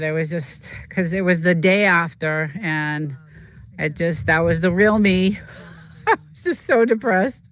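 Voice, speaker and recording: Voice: mid-range voice, a bit bright, clear, resonant tone. A streamer talking in a rambling, emotional way, full of fillers and restarts, in casual chat from a desert home.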